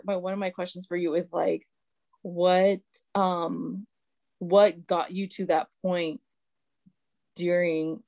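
A woman's voice: lowish voice, a little mellow, dry recording. A woman hosting a podcast, chatty and enthusiastic, full of "like" fillers as she interviews her guest. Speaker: podcast host. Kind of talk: casual podcast conversation.

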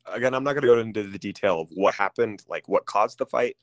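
A man candidly telling a personal story as an interview guest, pausing often with ums and restarting phrases. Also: on the low side, dry recording. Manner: halting, with frequent ums and restarts.

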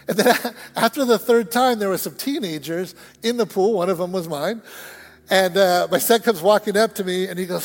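A man preaching a sermon as pastor, telling a story with lively acted-out voices and shouted moments. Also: high voice, normal speed. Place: church sanctuary. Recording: long church hall reverb.

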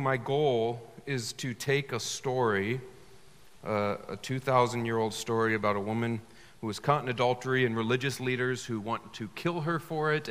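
A man preaching a sermon as pastor, telling stories in a relaxed, joking way before reading scripture aloud. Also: mid-range voice. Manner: conversational, jokey storytelling. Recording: long hall reverb.

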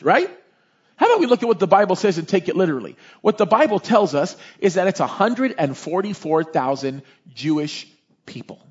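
A man teaching through a Bible passage with an animated delivery, often asking "right?". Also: sits high, slightly rough. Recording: dull lo-fi recording.

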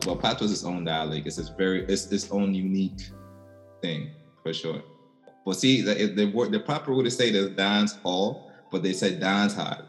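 A man from Costa Rica with a Caribbean Limón English accent, telling stories casually as a podcast guest, animated and laughing often. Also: sits low, big-room sound. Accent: Costa Rican Caribbean (Limón) English. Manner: animated, laughing, playful voice impressions. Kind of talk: casual storytelling in a podcast interview.

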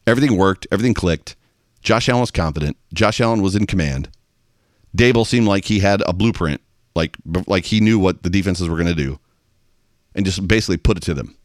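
A man's voice: sits low, fairly quick, dry recording, studio quality. A man hosting a sports talk show, delivering an exasperated fan's monologue. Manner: animated, exasperated fan ranting. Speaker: podcast host.

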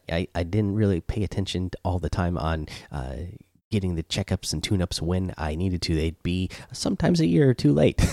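Deep-voiced man hosting a rambling podcast. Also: a little mellow, no echo, studio quality. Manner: rambling, many "uh" fillers and self-corrections. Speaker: podcast host. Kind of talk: casual solo news chat.

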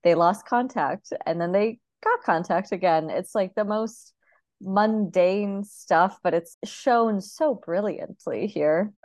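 A woman with a mid-range voice co-hosts a relaxed film review podcast. She talks expressively and earnestly, gushing about what she liked. The recording is dry, with no room sound. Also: medium pitch, slow pace, no echo. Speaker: podcast co-host. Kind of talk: casual film review chat.

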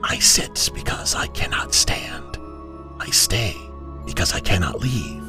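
A man's voice: low-pitched, animated, takes it slowly, music in the background. A man voicing the ghost of a little girl in a whispery, airy voice. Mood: eerie.

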